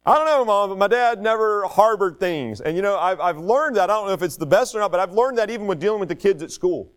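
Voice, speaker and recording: A middle-aged man, preaching a sermon full of folksy personal stories, laughing often and rising in pitch as he makes his points. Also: fast talker. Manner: folksy, storytelling, laughs often, animated rises when preaching.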